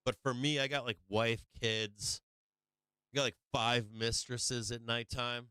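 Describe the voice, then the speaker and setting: Crude joking man, smooth dry voice. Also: mid-range voice, flat delivery, unhurried, pushed and bright, dry recording. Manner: crude, joking, laughs often, lots of swearing. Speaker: stock market livestream host. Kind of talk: profane casual livestream chat.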